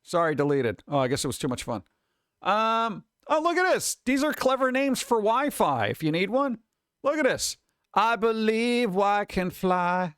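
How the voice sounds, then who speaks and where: A man hosting a casual live stream, reacting to news and jokes with sarcastic, lively asides. His voice sits somewhat high for a man. The sound is dry and close, with no room around it. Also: a little slow, clear, resonant tone, no room sound. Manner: sarcastic, animated asides to viewers. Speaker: streamer reading news and memes.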